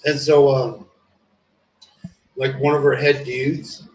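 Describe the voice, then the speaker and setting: Streaming in a casual chat, a man spins long, meandering stories packed with profanity and filler words. His medium-pitched voice is slow, flat, and a little mellow, recorded in an echoey room with faint ambient noise.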